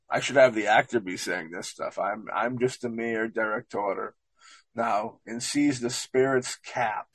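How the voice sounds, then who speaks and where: A man's voice: mid-range voice, a bit bright, no room sound, rough recording. A man reading passages aloud with small slips, then rambling in casual commentary and often asking "you know what I mean". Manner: reads aloud haltingly with slips. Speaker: show presenter discussing a book.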